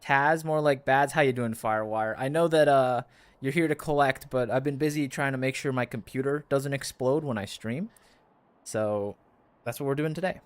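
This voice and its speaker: A man's voice: medium pitch, moderate pace, dry recording. A man chatting casually to his viewers while playing a game live. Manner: chatty, rambling, talks to chat. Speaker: streamer. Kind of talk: casual live gameplay chat.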